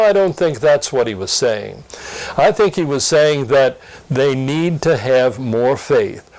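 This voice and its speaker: A man presenting a scripted Sunday school lesson preview in an earnest, expressive teaching tone. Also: medium pitch, low-quality recording. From Pennsylvania.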